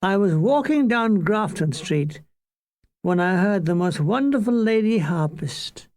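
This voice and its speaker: Animated and a little mellow, a high-sitting male voice carries an older Irishman's reading of his war memoir, recorded without echo. He narrates with dry comedy, slipping in quick asides and playful mock voices.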